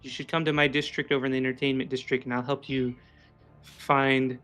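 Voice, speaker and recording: A man voicing a friendly, gentle male tiefling official in a tabletop game, welcoming and chatty. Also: medium pitch, level tone, a little fast, clear, resonant tone, soft background music, natural voice.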